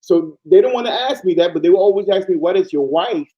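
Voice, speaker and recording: A man from Panama, a guest in casual chat, telling stories in an animated, emphatic way over muffled lo-fi audio. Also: high voice, quick pace.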